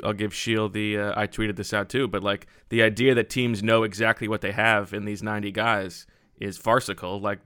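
A man's voice: on the low side, pushed and bright, smooth, no room sound, clean studio sound. A man co-hosting a sports podcast, chatting casually with joking asides.

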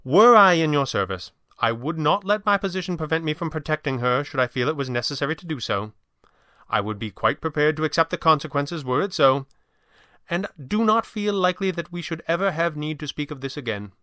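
A composed older butler with a polished, proper way of speaking and a voice pitched up a little, as a man puts him on for an audiobook. his tone is crisp and bright, recorded close and dry. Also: lively intonation, no echo. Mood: earnest. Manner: measured, courteous, proper. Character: older male butler, calm and formal.

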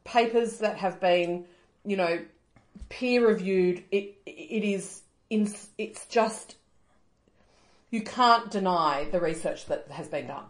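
An Australian woman co-hosting a podcast in casual chat, animated and fired up about the environment. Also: lowish voice, slow, roomy sound, low-quality recording. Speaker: podcast co-host.

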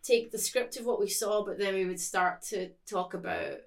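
A woman's voice: mid-range voice, wildly swooping pitch, normal speed. A woman chatting casually as a podcast guest, rambling with lots of "like" and frequent laughter. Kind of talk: casual chat.

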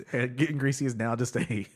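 A man co-hosting a comedy podcast, hesitant and halting, dropping dry asides in casual banter. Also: medium pitch, a little mellow. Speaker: podcast co-host and improv comedian.

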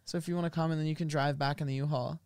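Young man, jokey banter, smooth clear voice, dry close sound. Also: fairly high pitch, steady tone, rapid-fire, darkish tone, dry recording. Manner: jokey, offhand, easygoing banter. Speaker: podcast co-host. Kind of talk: casual chat.

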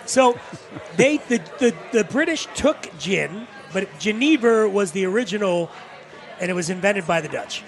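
Animated high-voiced man explaining. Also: moderate pace, a faint crowd. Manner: animated, laughing, explains with punchy asides. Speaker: podcast co-host, spirits expert. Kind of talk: casual chat.

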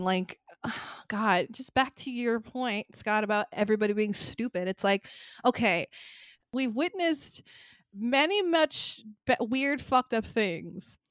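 A woman's voice: mid-range voice, smooth, no room sound, studio quality. A woman co-hosting a casual podcast, recapping a horror movie in a loose, profane, laughing storytelling manner. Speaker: podcast co-host.

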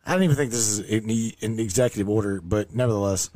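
A man's voice: fairly low pitch, quick pace, darkish tone. A man hosting a podcast, reading the news aloud in a profane, sarcastic, rambling way. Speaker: podcast host. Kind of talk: casual news commentary.

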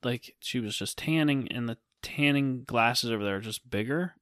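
A man's voice: mid-range voice, normal speed, a bit bright, no room sound, clean studio sound. A young man co-hosting a podcast in casual, playful chat, telling stories with animation. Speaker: podcast co-host.

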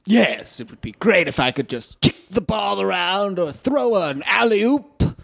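A man voicing a fussy, high-strung grown son who works as a radio psychiatrist, in a comedy improv scene. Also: sing-song, unhurried, vocal fry, fairly bright tone, exaggerated voice. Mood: sarcastic. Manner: shrill, exasperated.

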